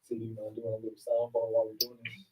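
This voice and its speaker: A man's voice: fairly low pitch, completely flat delivery, quick pace, far from the mic, noisy background. A man leading a group workshop as a facilitator, talking casually and upbeat and often checking in with the room. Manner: upbeat, casual, keeps checking in with "all right?". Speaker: workshop facilitator and self-help coach.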